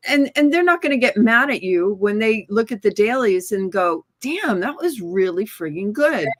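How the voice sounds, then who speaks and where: A woman, an actor guest on an interview show, explaining her approach in a measured way. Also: medium pitch, lively intonation. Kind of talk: casual chat.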